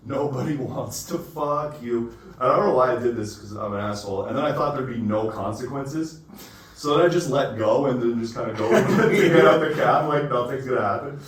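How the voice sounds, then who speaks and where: A man's voice: medium pitch, fairly quick. A man telling a rambling, profane anecdote as a podcast co-host, recorded in a casual chat. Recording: echoey room, distant mic, faint noise.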